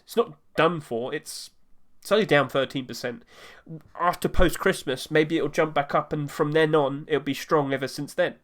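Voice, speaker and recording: A man's voice: a little high, a bit bright. Chatty man musing over market prices. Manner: rambling, self-correcting, chatty. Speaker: gaming market commentator. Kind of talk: casual solo commentary.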